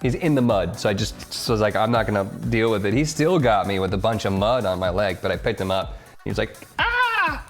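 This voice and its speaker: A man's voice: fairly low pitch, brisk. A man streaming a game from home, casually chatting, joking and reading chat messages aloud. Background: game music.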